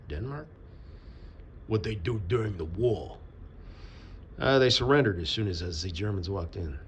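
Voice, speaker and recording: A very deep-voiced man talks slowly in a rambling, offhand monologue. His pitch swings widely as he goes. A faint ambient noise sits under his voice. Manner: rambling, offhand, swears casually. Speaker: vlogger.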